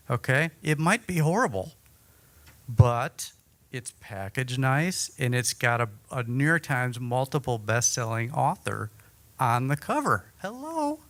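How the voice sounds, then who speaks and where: A man giving an energetic, chatty breakout-session talk at a conference, joking about himself. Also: medium pitch, unhurried. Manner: energetic, chatty, self-deprecating. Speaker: workshop speaker. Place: conference room.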